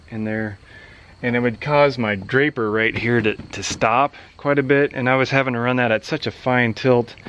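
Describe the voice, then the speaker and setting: A man's voice: medium pitch, lo-fi sound. Man, farmer vlogger, casual rambling, outdoor farm, faint vehicle noise. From central Nebraska, USA. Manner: laid-back, rambling, loose explanations. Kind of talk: casual walkaround vlog.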